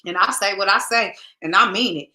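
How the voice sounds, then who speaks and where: Bright-voiced chatty woman host. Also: medium pitch, brisk. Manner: chatty, laughing, talks straight to viewers. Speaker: podcast host. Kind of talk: casual livestream chat.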